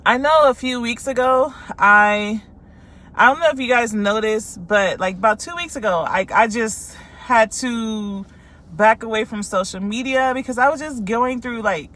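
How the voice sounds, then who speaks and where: A California life coach talks casually and candidly to her followers about her own experience, full of ums and likes. Her voice is a little high and fairly bright, and she speaks a little slowly.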